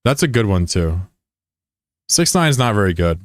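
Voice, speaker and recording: A man's voice: on the low side, very animated, normal speed, no echo. A man streaming a game and chatting casually with his viewers, rambling and joking at his own expense. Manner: rambling and digressive, with many restarts; joking, self-deprecating.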